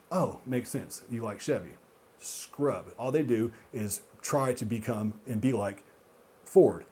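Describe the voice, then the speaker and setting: A man hosting a gaming video who rants heatedly and profanely, swinging between loud outbursts and muttered asides. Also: medium pitch, breathy edge. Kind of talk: solo rant monologue.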